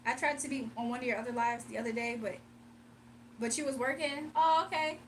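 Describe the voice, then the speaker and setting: A woman's voice: a little high, fairly even intonation, fairly quick. A woman hosting a casual livestream, chatting with viewers, laughing often and talking straight to the chat. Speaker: livestream host. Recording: a bit distant from the mic, faint hum.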